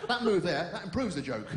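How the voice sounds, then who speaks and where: A man performing stand-up comedy, rattling off deadpan one-liners and puns. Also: high voice, echoey room, heavy background noise. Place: theater stage.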